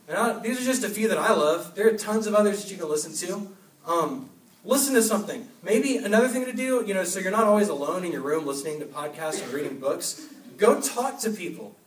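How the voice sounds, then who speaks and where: A young man giving an energetic youth sermon, urging with short repeated commands. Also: high voice, brisk, a little hiss or hum. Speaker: youth pastor. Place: church hall. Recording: echoey hall, mic from a distance.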